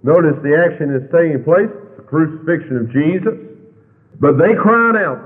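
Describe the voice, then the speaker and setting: A man preaching a fiery sermon, with sudden loud, high swings in his delivery. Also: normal speed. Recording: tinny, lo-fi recording in a long-echo hall.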